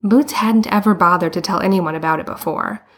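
A woman narrating a story in a calm, steady storytelling manner. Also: lowish voice, a little fast, husky. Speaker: audiobook reader.

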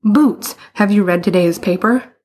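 A woman's voice: mid-range voice, unhurried, a little mellow, husky. A woman voicing a showy, confident young man in a story, talking in a breezy, self-assured way.

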